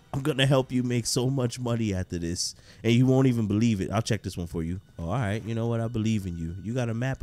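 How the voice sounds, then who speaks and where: A man's voice: on the low side, a little mellow, natural voice. A man voicing a scared, preppy young man in a red sweater who brags about money and whines nervously in a horror game. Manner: whiny, nervous, boastful.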